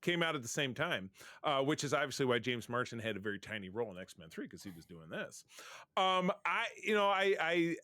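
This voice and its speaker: A man's voice: mid-range voice, very animated, fairly quick, sharp tone, no room sound. A man co-hosting a casual podcast, talking in a chatty, opinionated way and often restarting his sentences. His voice sits in an ordinary middle range. He is recorded close and dry, with no room sound. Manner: chatty, self-interrupting, opinionated. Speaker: podcast co-host. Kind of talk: casual chat.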